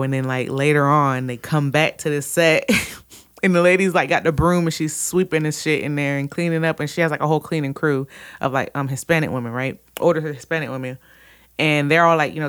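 Female co-host, lively storyteller in relaxed chat. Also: sits low. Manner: animated storyteller, acts out quotes with laughs. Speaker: podcast co-host. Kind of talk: casual chat.

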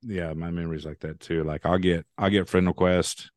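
A man's voice: sits low, fairly even intonation, normal speed, dry recording. A man hosting a casual podcast, easygoing and thinking aloud, often repeating words as he talks. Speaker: podcast host. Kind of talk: casual chat.

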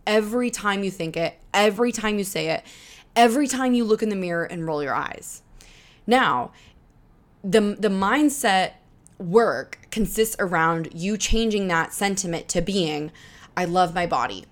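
A woman's voice: mid-range voice, animated, unhurried. A young woman in her twenties hosting a solo podcast, talking earnestly and encouragingly, straight to the listener about changing your mindset. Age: 20s. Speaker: podcast host. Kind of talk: solo motivational podcast talk.

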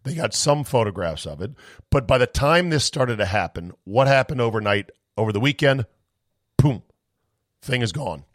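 A male podcast host delivering an incredulous, ranting monologue with loud outbursts and low asides, then chatting casually with a guest. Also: animated, fairly quick, dry recording, studio quality. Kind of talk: animated monologue and casual chat.

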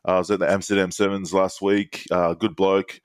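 A man's voice: deep voice, level tone, brisk, dry recording. A man, co-hosting a podcast and telling stories in a laid-back way with plenty of ums and laughter. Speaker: podcast co-host. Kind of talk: casual banter.

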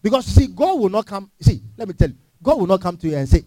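Lively high-voiced pastor preaching. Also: male voice, fast, no echo. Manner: emphatic preaching with rhetorical questions to the congregation. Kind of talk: sermon. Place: church.

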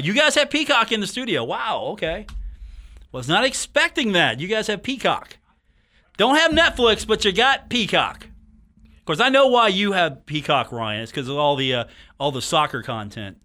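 A man's voice: mid-range voice, pushed and bright. A man hosting a sports radio show in a studio, talking in a joking, teasing, rambling way. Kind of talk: casual sports talk radio monologue.

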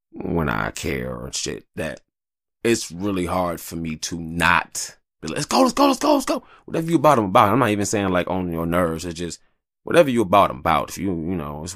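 A married man hosting his own podcast, talking casually and profanely in a rambling monologue, often jumping into exaggerated high voices. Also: gravelly, no room sound, studio quality. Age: adult, married with kids. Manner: rambling, profane, animated, jumps into high-pitched quoted voices. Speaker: podcast host.

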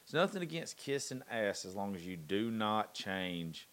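A man's voice: lowish voice, sing-song, normal speed, fairly bright tone. A man with a Southern accent talking politics in a casual chat, profane and emphatic, often repeating himself as he drives a point home.

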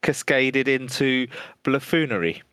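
A man's voice: mid-range voice, expressive, a little slow, fairly bright tone, clear, resonant tone, dry recording. A man co-hosting a casual podcast, teasing his partner with silly wordplay and laughter. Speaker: podcast co-host.

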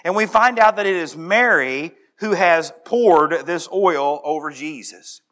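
Male preacher, high bright voice, slow scripture reading, rises to impassioned shouts. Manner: builds to impassioned shouting, then drops quiet and earnest; reads scripture aloud slowly. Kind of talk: sermon.

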